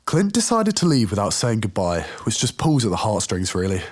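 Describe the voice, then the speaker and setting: A man's voice: fairly low pitch, a little fast. Wry male storybook narrator. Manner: wry, storytelling with lively intonation. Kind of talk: scripted narration.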